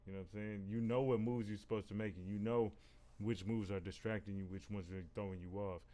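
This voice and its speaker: Low-voiced male host, casual rambling motivational talk, candid and profane. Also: fairly even intonation, brisk, warm tone. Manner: rambling, repeats "you know what I'm saying". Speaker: reaction video host.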